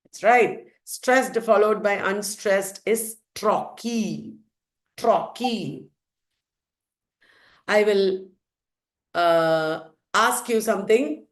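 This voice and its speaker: A woman's voice: mid-range voice, drawn-out words, long pauses. Playful woman teacher quizzing a class. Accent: Indian English. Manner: playful, asks questions and answers them herself. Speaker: literature teacher. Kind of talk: quizzing students in a revision lecture.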